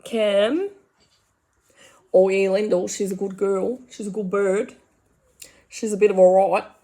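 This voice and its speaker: Woman putting on a young aussie bush guy, drawly and blunt, offhand vibe, mid-pitched voice. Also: fairly even intonation, slow, mellow. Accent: Australian. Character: laid-back young Aussie bush bloke.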